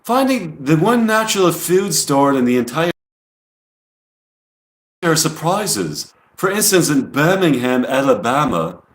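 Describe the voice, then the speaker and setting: A chatty talker with a put-on English accent, as a man does it, pitched well above his own voice. The delivery is sing-song and lively. The room adds a clear echo. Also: measured pace. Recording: roomy echo.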